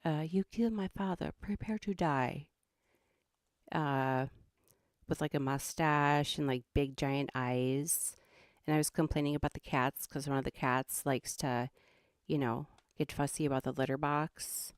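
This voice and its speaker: A woman's voice: very deep voice, level tone, moderate pace, dry recording, clean studio sound. A middle-aged woman with a Minnesotan accent who hosts a livestream and chats casually in a rambling way, laughing often. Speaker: host.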